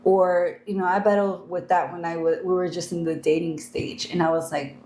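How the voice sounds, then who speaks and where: A woman's voice: on the low side, level tone, normal speed, few pauses, dark tone, a little hiss or hum. A woman co-hosting a podcast, chatting in a reflective, advice-giving way and laughing often. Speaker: podcast co-host. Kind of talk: casual chat.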